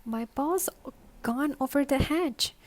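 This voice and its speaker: A woman voicing an eager, pleading little girl, with a bright manner, in a bedtime story reading. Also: high-pitched, takes it slowly, voice pushed up.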